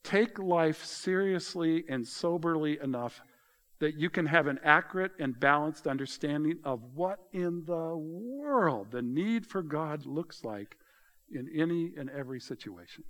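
A man preaching a sermon in a conversational way, explaining words and slowing down to drop softly on key phrases. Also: on the high side, animated. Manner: conversational, explains word meanings, tells people to underline; slows for emphasis, drops soft on key phrases. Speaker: pastor.

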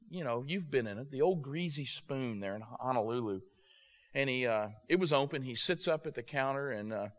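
A man preaching through a story, animated and acting out the characters, with frequent halting restarts. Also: mid-range voice. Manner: halting restarts, repeated words. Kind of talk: sermon storytelling.

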